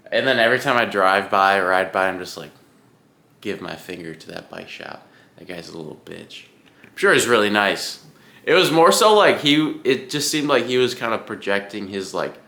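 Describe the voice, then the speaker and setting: Low, bright-voiced young man ranting casually. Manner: chatty, swears freely, ranting. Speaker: vlogger training for an Ironman. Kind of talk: casual rambling vlog.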